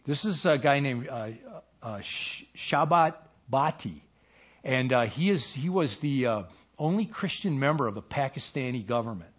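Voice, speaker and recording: A man's voice: mid-range voice, animated, normal speed, husky, lo-fi sound. A middle-aged man preaching a conversational sermon, speaking casually with frequent fillers and acting out quoted lines. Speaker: pastor.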